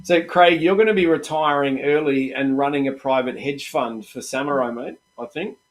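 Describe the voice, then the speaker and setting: A man's voice: medium pitch, normal speed. A middle-aged Australian man hosting a live trading stream, chatty and encouraging, calling viewers "mate" and "guys". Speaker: live trading room host.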